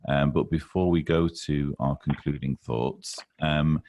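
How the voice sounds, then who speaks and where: A man with a very deep voice hosts a podcast, courteous and dryly sarcastic. His voice is recorded close and dry, with no room sound. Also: fairly even intonation, a little slow, hardly any pauses, darkish tone, no echo. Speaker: podcast host. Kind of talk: casual podcast chat.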